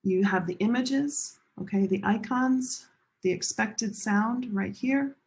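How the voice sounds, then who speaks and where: A woman teaching English pronunciation to a class, slowly modeling sentence stress and repeating example sentences. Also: fairly high pitch, darkish tone, slightly rough. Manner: slow, drawn-out modeling of sentence stress with repetition. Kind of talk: classroom lesson demonstrating an app.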